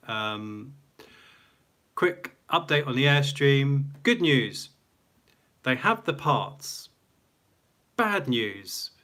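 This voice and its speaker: A man's voice: mid-range voice, pushed and bright. Chatty rambling man hosting a live stream. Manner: chatty, rambling, laughs often, self-deprecating. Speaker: livestream host. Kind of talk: casual live-stream chat. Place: small room indoors at home.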